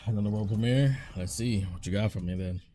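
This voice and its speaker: Man, low voice, warm dark tone, casual reaction commentary, thinks out loud, changes his mind. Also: brisk, a little hiss or hum. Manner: thinks out loud, guessing and second-guessing. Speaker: reaction video host. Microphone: desk microphone. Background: faint trailer music.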